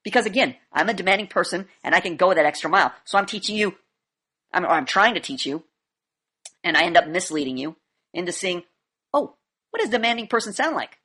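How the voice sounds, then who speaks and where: A woman coaching a class with a very bright, ringing voice and a blunt, emphatic manner. She punches certain words hard, then drops into muttered asides, and she swears now and then. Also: fairly low pitch, quick pace, slightly rough. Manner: emphatic, swings between loud demonstrations and quiet asides. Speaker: speaking coach.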